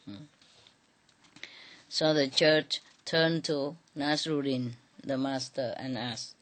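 Storyteller: woman, unhurried delivery, chatty asides, laughs along with the tale. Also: low-pitched, fairly bright tone. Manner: chuckling, conversational, asides with 'you know'. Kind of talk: oral folk-tale telling.

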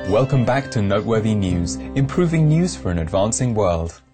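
Guy reading upbeat news, soft and earnest, music going underneath. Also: on the low side, expressive, moderate pace. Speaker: news presenter.

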